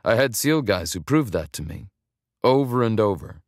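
A man's voice: on the low side, lively intonation, moderate pace, no echo, clean studio sound, close to an everyday voice. A man voicing a blunt, honorable former soldier in his late twenties who speaks tersely. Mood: steady.

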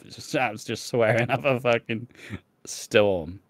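Brief: young English male co-host, mid pitch, dry close mic, swears a lot, laughs through his stories. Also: measured pace, pauses often, pushed and bright, dry recording. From England. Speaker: podcast co-host. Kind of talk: casual chat.

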